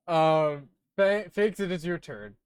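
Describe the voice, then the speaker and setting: A game master running a tabletop game in a casual, excitable way, with loud outbursts and laughter. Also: mid-range voice, clean tone, no echo, studio quality. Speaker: dungeon master. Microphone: streaming microphone.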